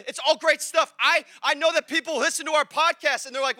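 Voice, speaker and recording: A pastor preaches in a very high, sharp, bright voice, talking to his congregation in a lively, conversational way. He works up to shouts at the big moments. The sound is dry and close. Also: fast talker, hardly any pauses, no room sound. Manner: animated and conversational, shouting at peaks. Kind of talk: sermon.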